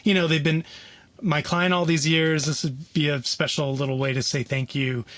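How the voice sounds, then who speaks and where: A young man sits at a close studio mic as a podcast guest and tells his story with real energy. His voice sits a little high for a man, and he keeps leaning on "like" and "you know." The room sounds dry, with no echo. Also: normal speed. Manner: animated, leans on "like" and "you know". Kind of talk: casual storytelling interview.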